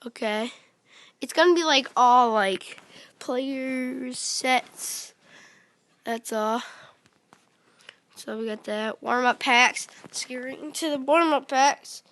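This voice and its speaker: A woman hosting a casual game video, talking excitably and calling out to her viewers. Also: high voice, slow, pauses often. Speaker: gaming video host.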